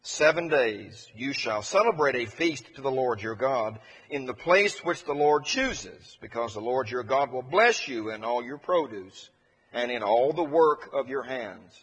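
A man preaching a sermon and reading scripture aloud in a measured, earnest way. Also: medium pitch, lively intonation, fairly bright tone, slightly rough, muffled recording. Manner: measured, earnest, with fillers and restarts. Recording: long hall reverb.

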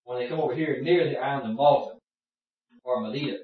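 A man's voice: medium pitch, quick pace, a little hiss or hum. A man teaching an informal Bible study class, explaining in a folksy way and asking the class questions. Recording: echoey room, distant muffled mic.

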